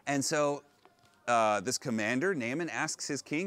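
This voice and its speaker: A male pastor preaching a sermon on location, retelling a story in an animated, conversational way. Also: a little high, normal speed. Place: on location at an ancient synagogue.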